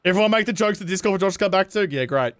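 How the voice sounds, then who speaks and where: Sweary Australian streamer with a high voice. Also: male voice, flat delivery, rapid-fire, dry recording, studio quality. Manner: sweary, sarcastic, rambling banter with chat. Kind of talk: casual gameplay livestream chat.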